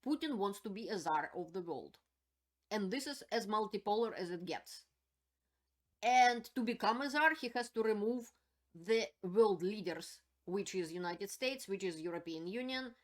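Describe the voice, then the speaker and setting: A woman's voice: mid-range voice, lively intonation, moderate pace. A woman hosting her own channel, giving spoken political commentary in an indignant, emphatic way and repeating her points.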